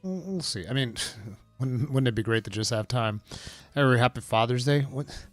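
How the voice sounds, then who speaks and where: Here the casual stream host has a mid-range voice and talks at normal speed, recorded dry with quiet music underneath. He wanders through gaming news, voices his chat's messages, and laughs in excited bursts.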